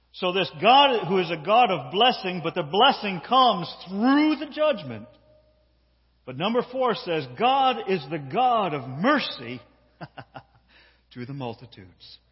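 A man preaching with a lively voice that rises and falls widely, a little husky and pitched fairly high. He tells his story with animation, stumbling over repeated words as he gets going. The sound is dull and rings with a long hall reverb. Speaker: pastor. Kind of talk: sermon.

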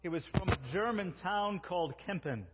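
A man preaching a sermon in an earnest way, slowing down to quote God's words. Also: high-pitched, husky, big-room sound, highs cut off. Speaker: pastor.

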